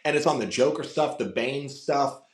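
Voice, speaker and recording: A man's voice: mid-range voice, normal speed, echoey room. A man, a voice actor and impressionist, talking casually on a podcast with frequent fillers and restarts. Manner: chatty, many fillers and restarts.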